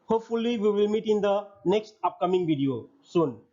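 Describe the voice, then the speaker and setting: A man's voice: sits high, lively intonation, moderate pace, dark tone. A male lecturer reading his slide points and then restating them in a recorded online lesson. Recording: dull lo-fi audio.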